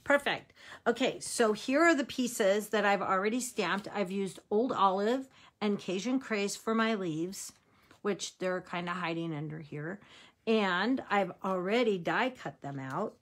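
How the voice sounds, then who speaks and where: A woman's voice: medium pitch, unhurried. A woman hosting a casual craft tutorial, chatting upbeat to viewers and laughing at herself while she works with her hands. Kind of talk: casual how-to demonstration.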